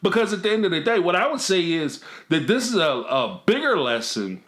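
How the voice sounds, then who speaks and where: Lively, bright-voiced male commentator. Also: high-pitched, brisk. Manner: animated, slangy, mocking, laughs often. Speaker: reality TV commentator. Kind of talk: casual commentary vlog.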